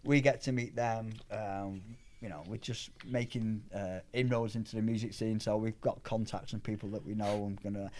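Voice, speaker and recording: A middle-aged man, a powerlifter guest telling rambling, animated anecdotes in casual chat. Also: on the low side, normal speed, few pauses. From England.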